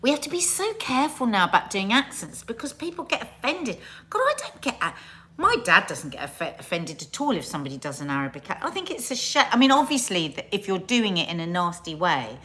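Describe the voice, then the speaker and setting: A woman's voice: medium pitch, sharp tone. A middle-aged woman hosting a casual live stream, chatting to viewers and greeting them by name in a sing-song way. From England.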